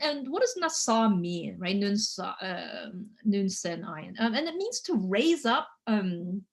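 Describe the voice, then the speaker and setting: A woman lecturing on biblical Hebrew in a chatty way, full of fillers and frequent "okay?" checks, slowing down to sound out words. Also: medium pitch. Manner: spells out Hebrew words slowly.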